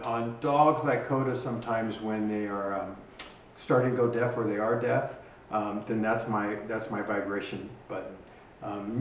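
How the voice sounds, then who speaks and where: A man giving a casual how-to talk on dog training, pausing often with ums and starting sentences over. His voice sits at an ordinary middle pitch. It is recorded from some distance in a roomy, echoing space, with a faint hiss of background noise. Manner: halting, frequent ums and restarts. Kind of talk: casual instructional video. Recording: echoey room, distant mic, faint noise.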